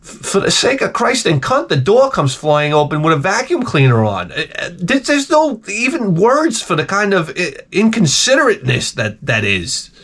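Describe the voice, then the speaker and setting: A man's voice: high-pitched, wildly swooping pitch, moderate pace, hardly any pauses, fairly bright tone, breathy edge. A man telling comic stories to camera in a rambling, exasperated, profane rant full of restarts. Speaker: vlogger. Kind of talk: comedic storytelling rant.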